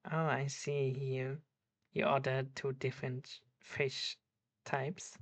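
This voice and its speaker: Brief: deep, slow woman streamer, halting, dry close sound. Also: flat delivery, no echo. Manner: halting, searching for words, with restarts. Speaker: streamer reacting to a video. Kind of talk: casual reaction commentary.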